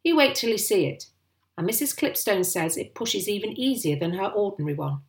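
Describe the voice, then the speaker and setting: A woman's voice: medium pitch, lively intonation, a little fast, lightly acted. A woman reading aloud and voicing a proud, sly father who talks in a conspiratorial, pleased way. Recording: roomy echo.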